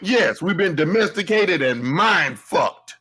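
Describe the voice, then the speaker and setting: A man's voice: sits high, lively intonation, slow, bright, forceful tone, slightly rough, rough recording. A man hosting a show, delivering a heated, profane commentary rant with emphatic, laughing delivery.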